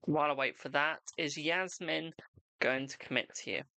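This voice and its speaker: A man's voice: a little high, moderate pace, pushed and bright, no room sound. Chatty man reading tarot live. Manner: chatty, affectionate, calls viewers darling and boo. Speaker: tarot reader hosting a live stream. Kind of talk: casual live-stream chat with viewers.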